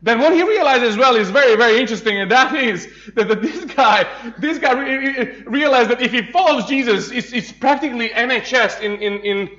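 A man's voice: very high voice, a little fast, hardly any pauses, fairly bright tone. A man from Serbia, preaching a humorous sermon, telling jokey stories with laughs and many restarts. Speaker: pastor. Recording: dull lo-fi sound.

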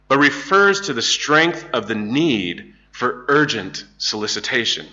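Bright-voiced man teaching Bible. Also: lowish voice, highs cut off. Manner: conversational, storytelling with fillers. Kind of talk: Bible study lecture.

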